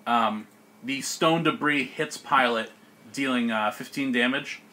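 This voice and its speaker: Bright-voiced young man running the game. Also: medium pitch. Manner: laughing often, quick animated narration. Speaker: game master. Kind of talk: narrating a tabletop game.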